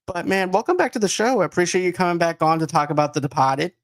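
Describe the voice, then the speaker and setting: A man's voice: high voice, lively intonation, fast, no echo. Joking, dry-miked podcast host man. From East Boston. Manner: jokey, laughs often, loose rambling talk. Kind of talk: casual podcast chat.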